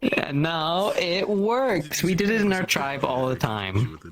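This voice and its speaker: A man's voice: a little high, sing-song, slow pace, a crowd in the background. A man chatting in character during a voice-chat roleplay, rambling and restarting his sentences. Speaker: roleplay player.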